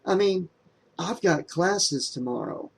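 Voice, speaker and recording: A man doing a smooth, easygoing young guy. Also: high voice, expressive, slow, pitched above the performer's own voice, full character voice. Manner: smooth, casual and lightly raised. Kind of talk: audiobook character voice.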